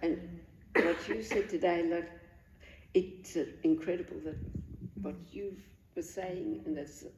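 An older woman telling a personal faith story in an earnest, halting way, with pauses and restarts. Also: lowish voice, fairly even intonation, noisy background. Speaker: guest sharing a faith testimony. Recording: echoey room.

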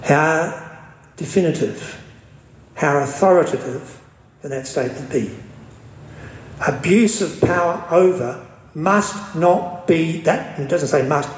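A man preaching a sermon, emphatic and slowing down to stress quoted scripture. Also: fairly high pitch, echoey room, low-quality recording.

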